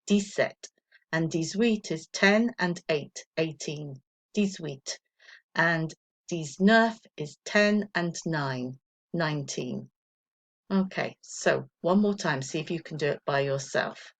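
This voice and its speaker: Slow, low-voiced woman teacher. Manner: patient and encouraging, counting slowly for pupils to repeat. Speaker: primary school teacher. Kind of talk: recorded remote French lesson for children.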